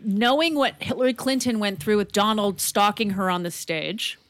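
A woman co-hosting a casual political chat podcast, talking in an animated, blunt way and swearing freely. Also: mid-range voice, normal speed, no echo. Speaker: podcast co-host.

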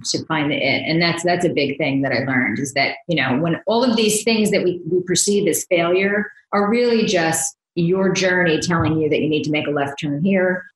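A woman's voice: on the low side, moderate pace, few pauses, echoey room, poor audio. A woman from New Jersey, a blogger guest on a podcast, chatting casually with lots of fillers and laughs. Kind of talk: casual interview chat.

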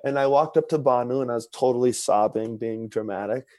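A man at a middle pitch tells a personal story as a podcast guest, candid and ready to poke fun at himself. He brings the story to life by acting out what other people said. His voice is recorded close and dry, with no room sound. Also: fairly quick, darkish tone, dry recording. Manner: vivid storyteller who acts out other people's words; candid and self-mocking. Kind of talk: casual conversational storytelling.

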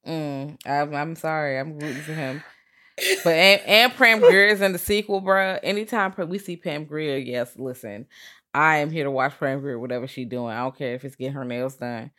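Low-voiced woman, emphatic and slangy. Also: normal speed, bright, forceful tone. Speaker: podcast co-host. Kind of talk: casual movie chat.

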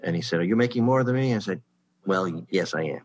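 A man with a slightly low voice tells show-business stories in an easy, chatty way. He jumps into the voices of the people he quotes, getting louder and higher for the punchlines. He sounds middle-aged and relaxed. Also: quick pace, slightly rough, muffled recording. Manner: animated storyteller who acts out quoted people. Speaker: sitcom writer guest. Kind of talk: casual anecdote telling.

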